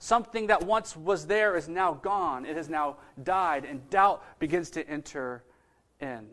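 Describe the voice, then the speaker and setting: A man's voice: on the high side, measured pace, a bit bright. A man preaching a sermon in a conversational way, asking his listeners questions. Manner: conversational, asks the audience questions.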